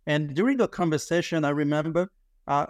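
A man in his fifties tells a story as a podcast guest. His voice sits a bit high for a man, and it reaches the ear dry and close with no room sound. He is animated, laughs often and stumbles through restarts. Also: brisk, no echo. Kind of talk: storytelling in conversation.

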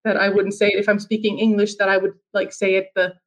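A woman's voice: mid-range voice, flat delivery, fast talker, low-quality recording. A woman from Finland telling a personal story as an interview guest, earnest, with frequent restarts and fillers.

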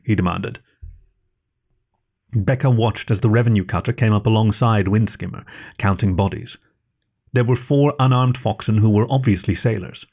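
A man reading a scripted story aloud in a steady, measured way. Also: fairly low pitch, husky.

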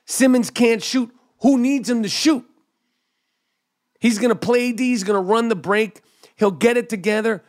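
A middle-aged man with a high voice hosts a podcast and rants through a sports monologue. He sounds animated and emphatic, jumping up in pitch to punch his points. He talks into a studio microphone. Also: measured pace. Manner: animated, emphatic, drops to mock whisper. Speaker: podcast host. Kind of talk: energetic sports commentary monologue. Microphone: studio podcast mic.

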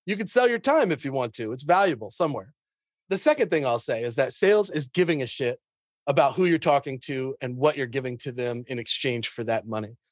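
A man's voice: medium pitch, animated, brisk, no room sound, clean studio sound. A man who hosts a sales show, talking energetically in an interview, laughing often and acting out his cold-call lines. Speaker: sales podcast host and guest. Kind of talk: conversational interview.

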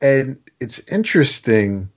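A man's voice: mid-range voice, very animated, takes it slowly. A man chatting casually about comic books on a podcast, hesitant and full of fillers. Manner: hesitant, filler-heavy, trailing off. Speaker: podcast co-host. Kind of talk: casual comic book chat. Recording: dull lo-fi audio.

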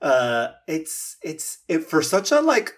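A man co-hosting a film review podcast, rambling in an animated way and cursing freely. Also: a little high, takes it slowly. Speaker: podcast co-host. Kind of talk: casual film review chat.

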